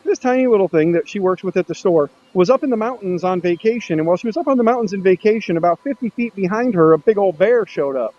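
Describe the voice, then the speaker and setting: A man's voice: high-pitched, expressive, fast talker, hardly any pauses, a little mellow, dull audio, slight background noise. A man hosting a casual livestream chat, telling stories in a rambling way with frequent restarts. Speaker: host of a maker livestream.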